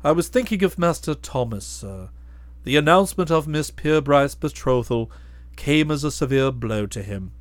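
A man voicing a deferential, unflappable valet who speaks in a measured, formal way. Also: on the high side, lively intonation, no echo, natural voice. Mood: composed. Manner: measured and formal, trailing off softly on each "sir".

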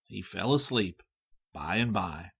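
A man narrating a storybook in an expressive, varied reading. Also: sits low, a little slow, creaky, breathy edge.

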